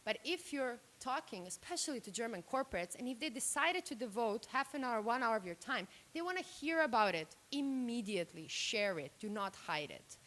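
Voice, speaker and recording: Direct higher-voiced woman workshop speaker. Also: brisk, few pauses. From Serbia and Slovenia. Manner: direct, animated, acts out quoted reactions. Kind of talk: workshop talk. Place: room. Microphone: handheld microphone.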